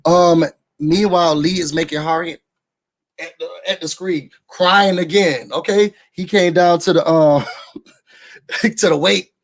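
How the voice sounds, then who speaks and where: A man's voice: a little high, fairly even intonation, unhurried. A young man, recapping a reality show in a sassy, gossipy way, talking straight to his viewers. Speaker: show reviewer. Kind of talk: casual recap commentary. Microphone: desk microphone.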